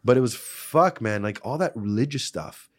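A man in casual podcast chat, swearing freely and telling animated stories. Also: mid-range voice, normal speed. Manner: swearing, animated storytelling with acted-out quotes. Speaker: podcast guest.

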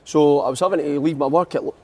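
A man's voice: on the high side, fairly even intonation, quick pace, a little mellow. A young Scottish man, a footballer telling stories in a casual podcast chat, laughing often. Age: young adult. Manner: chatty storyteller, laughs a lot.

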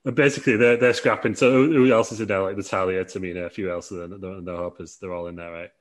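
Rambling, laughing man, low voice. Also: fairly even intonation, fast. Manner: rambling, laughing, filler-heavy. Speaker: podcast host. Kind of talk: casual chat.

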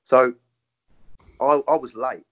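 A man's voice: mid-range voice, steady tone, takes it slowly, highs cut off. A man, a former footballer, chatting casually and telling stories with frequent laughs and swearing. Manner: swears freely, laughs often, tells stories. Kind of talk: casual chat.

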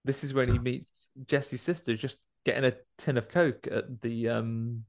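A man's voice: medium pitch, steady tone, a little slow. A man chatting casually about a film, jokily acting out the characters' lines. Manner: jokey, playfully acts out film characters' lines.

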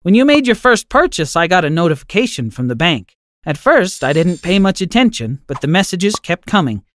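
A man voicing an elderly grandmother who speaks softly and reassuringly. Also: high voice, sing-song, fairly quick, no echo, clean studio sound, pitched above the performer's own voice. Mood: kindly. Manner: soft, kindly, reassuring. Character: elderly grandmother, gentle and forgiving.

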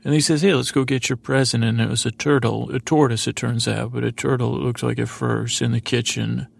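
Talking fairly quickly in a husky, level voice of medium pitch with vocal fry, a man recaps a TV episode on his podcast. The retelling is sleepy and meandering, with frequent self-corrections and loose paraphrases of what characters said.

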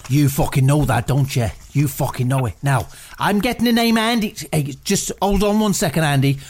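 A man voices a brash, crude comic psychic in improv, boasting, swearing freely and putting on a mock-mystical air. His pitch is fairly high, his pace moderate, and his delivery pushed down yet natural, with a little hiss or hum behind it.

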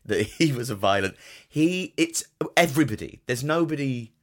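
A man's voice: mid-range voice, lively intonation, normal speed, fairly bright tone. A man co-hosting a comedy podcast, rambling and giggly in casual chat. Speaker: podcast co-host.

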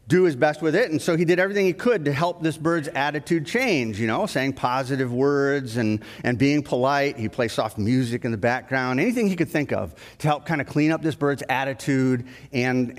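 A male pastor delivers a sermon in a conversational storytelling manner, his mid-range voice neither high nor low. It carries a long reverb from a church sanctuary. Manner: conversational storytelling, lively when telling a story.

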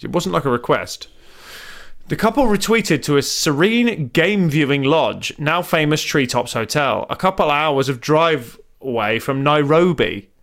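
A man co-hosts a comedy podcast, reading out an article in a mock-serious tone that keeps slipping into sarcastic asides. His voice sits fairly high and swings widely in pitch. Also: animated, unhurried, fairly bright tone. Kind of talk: joking chat, reading an article aloud.

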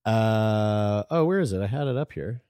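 A man's voice: lowish voice, moderate pace, clear, resonant tone, no echo, clean studio sound. A man co-hosting a casual podcast, reading items aloud in a crude, joking manner. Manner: animated, crude, laughs while reading. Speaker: podcast co-host.

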